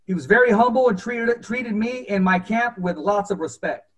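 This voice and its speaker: Male podcast host, high voice, animated anecdote style. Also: normal speed. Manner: animated, acts out quotes. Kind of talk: storytelling in casual interview.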